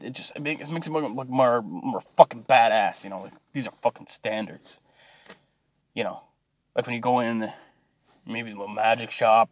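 A man's voice: mid-range voice, no room sound. Rambling, foul-mouthed Canadian man. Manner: profane, easily sidetracked, loose and rambling. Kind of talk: rambling comedic rant.

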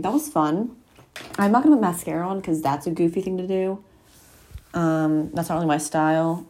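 A woman's voice: lowish voice, moderate pace, mellow. Chatty teen girl vlogging at home. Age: teens. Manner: chatty, self-deprecating, rambling asides. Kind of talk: casual chat to camera. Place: bedroom at a mirror, at home.

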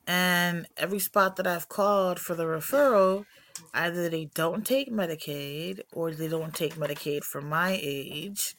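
Low-voiced woman musing candidly. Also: unhurried, a bit bright, a little hiss or hum. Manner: rambling, candid, self-reflective. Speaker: podcast host. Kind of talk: casual personal talk.

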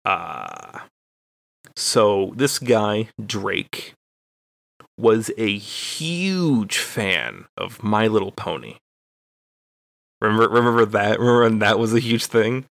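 A man's voice: on the low side, lively intonation, slow, vocal fry, long pauses, fairly bright tone, dry recording. A young man from Texas, a podcast co-host, telling a rambling, profane, self-deprecating story in casual chat.

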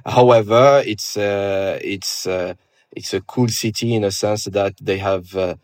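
A man in his thirties from Morocco with a Moroccan French accent, answering interview questions in a relaxed, hesitant way with many pauses. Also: on the low side, no room sound, clean studio sound. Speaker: guest. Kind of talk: casual interview conversation.

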